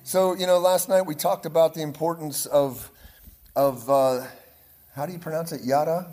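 Pittsburgh-accented male guest preacher, energetic and repetitive, fairly high voice, echoey room with listeners answering. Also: normal speed. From Pittsburgh area, Pennsylvania. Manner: energetic, repeats words, checks in with "right?" and "amen?". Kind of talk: charismatic preaching to a leadership group. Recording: echoey room with audience responses. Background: audience responses.

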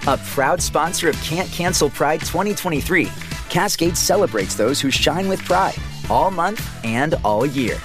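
A man reading a scripted commercial in a smooth, upbeat announcer manner. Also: on the high side, expressive, unhurried. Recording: commercial spot with faint music bed.

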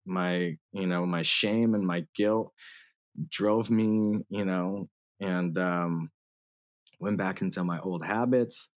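Laughing, slang-heavy man with a low voice. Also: fairly even intonation, takes it slowly. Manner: laughs often, fillers and slang. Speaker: guest musician. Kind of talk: casual interview storytelling.

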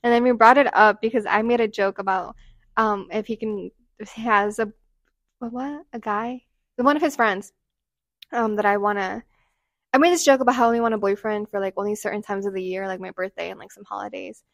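A young woman co-hosting a podcast in casual chat, animated and chatty, laughing often and swinging quickly between loud and soft. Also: mid-range voice, dry recording. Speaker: podcast co-host.

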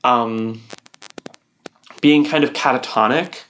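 A woman's voice: a bass voice, slow pace, slight background noise. A young woman co-hosting a casual podcast, explaining things at length with lots of "like" and "um". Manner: rambling explainer, heavy use of "like" and "um". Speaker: podcast co-host.

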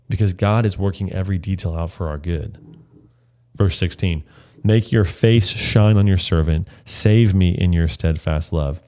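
A man with a low voice walks listeners through a psalm in a devotional teaching. His delivery is earnest and reflective. He slows down deliberately whenever he reads the scripture itself. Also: darkish tone. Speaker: Bible teacher.

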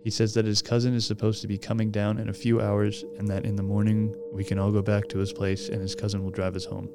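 Low, flat-voiced man reading a horror story. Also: quick pace, music in the background. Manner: casual, swears freely while reading. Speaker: podcast host.

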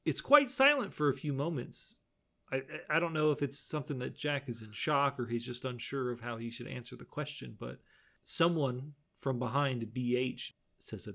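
A relaxed man with a gravelly edge to his voice talks through a show's episode in casual chat. He laughs easily and slips into quoting the characters along the way. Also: medium pitch, normal speed. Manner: laid-back, laughs often, retells scenes with quoted lines. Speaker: podcast co-host recapping an episode.

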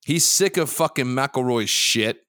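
Brief: cocky male podcast co-host, swears freely, ribs his partner, animated swings in pitch, dry sound. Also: a little slow, no echo. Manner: loose, profane, teasing, jumps between topics. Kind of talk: casual sports betting chat.

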